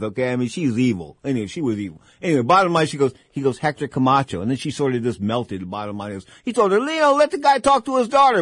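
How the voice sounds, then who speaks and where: A man's voice: mid-range voice, breathy edge, no echo. Man, boxing talk radio host, rambling and loose, dry close studio mic. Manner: rambling, repeats "bottom line" and "of course". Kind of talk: radio talk show chat.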